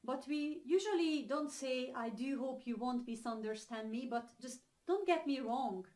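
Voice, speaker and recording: A young woman with a Hungarian accent teaches English phrases in an online lesson. Her voice sits fairly high. She talks in a chatty way, walking through everyday examples with plenty of ums and uhs. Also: measured pace, darkish tone.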